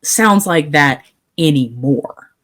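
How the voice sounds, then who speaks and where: Low-voiced, emphatic woman co-host. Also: expressive, fairly bright tone. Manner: emphatic, opinionated, fast bursts with restarts. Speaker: podcast co-host. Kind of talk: casual chat.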